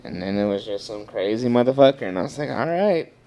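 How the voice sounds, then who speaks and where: A young man, telling a story on a casual podcast, animated and swearing often. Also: mid-range voice, quick pace. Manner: animated, swears a lot, acts out quotes loudly. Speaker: podcast co-host.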